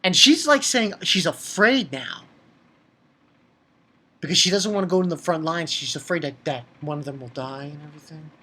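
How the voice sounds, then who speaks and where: A man casually recapping an anime episode in an excitable way, swearing and stumbling over fillers and restarts. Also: fairly high pitch, normal speed, husky.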